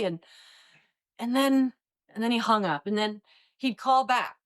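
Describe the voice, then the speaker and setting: A woman in her fifties from Iowa, a retired agent telling stories in a relaxed interview and acting out the voices of others. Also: fairly high pitch, a little slow, pauses often. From Iowa, United States. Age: 50s. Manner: animated, acts out quoted voices. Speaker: retired DEA agent, guest. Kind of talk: casual interview storytelling.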